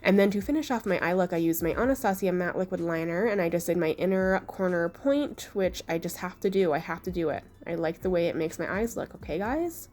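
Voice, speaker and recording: Hoarse young woman doing a makeup tutorial. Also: lowish voice, brisk, few pauses. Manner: chatty, self-deprecating, relaxed. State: hoarse, sick voice. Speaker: beauty vlogger.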